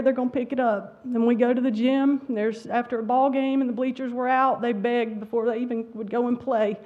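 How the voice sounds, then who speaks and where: Her voice sitting high and a little mellow, a middle-aged woman teacher addresses a church school awards service in the sanctuary. She's emotional and struggling not to cry, and the audio is dull and lo-fi.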